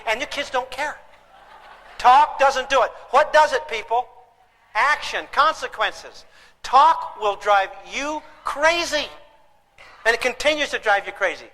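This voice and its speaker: A man giving a humorous parenting seminar, talking in an animated, theatrical way. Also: very high-pitched, a little slow, long reverb tail, poor audio. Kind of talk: humorous live seminar talk. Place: lecture hall with an audience.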